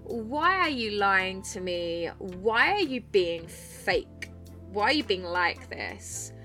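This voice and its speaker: An entitled young man demands and complains in a petulant tone, as a woman quotes him in her podcast story. The voice is bright and slow. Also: medium pitch, very animated, faint music behind, exaggerated voice. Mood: indignant. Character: entitled, indignant young male club customer.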